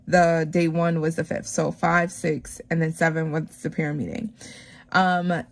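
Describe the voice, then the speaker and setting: A woman talks casually to her viewers while she counts bills into savings envelopes. She is a teacher, and she retells her week in a chatty, animated way. Her speech is full of "like" and "um" fillers. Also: deep voice, measured pace, creaky. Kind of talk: casual chat while stuffing cash envelopes.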